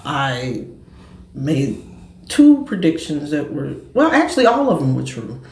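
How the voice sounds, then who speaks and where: A man hosting a casual sports and cigar talk show, telling stories in quick, animated bursts. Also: mid-range voice, gravelly, roomy sound.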